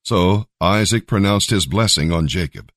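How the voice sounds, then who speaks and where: A man's voice: low voice, lively intonation, normal speed, a bit bright, no room sound, studio quality. A man reading scripture aloud and giving a devotional talk, with conversational asides. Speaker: Bible reader and devotional speaker.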